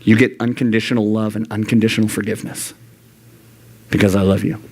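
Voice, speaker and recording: A young adult man giving an earnest youth sermon in a church youth room, often jumping into high, animated voices when quoting God and himself. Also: fast talker, husky. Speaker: youth pastor.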